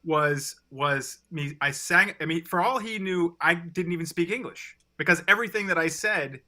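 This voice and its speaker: A man on a podcast, telling a story in casual chat, halting and self-deprecating, full of restarts. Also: a little high, pushed and bright. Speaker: podcast co-host.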